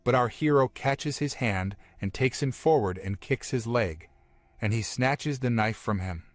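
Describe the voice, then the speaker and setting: A man's voice: mid-range voice, measured pace, dry recording, faint music behind. A man steadily retelling a comic story as a scripted recap narrator, in plain, simple phrasing.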